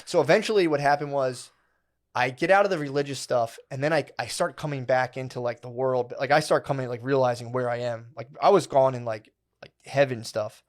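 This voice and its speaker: A man's voice: mid-range voice, a little fast. A man co-hosting a podcast, telling a long story in a rambling, profane, slangy way, full of "dude" and "like". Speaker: podcast co-host. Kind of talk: casual storytelling chat.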